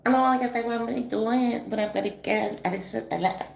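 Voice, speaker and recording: A woman's voice: vocal fry, roomy sound, slight background noise. A woman imitating a young woman who rattles off jumbled, exaggerated slang. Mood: babbling. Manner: rushed, jumbled, high-pitched.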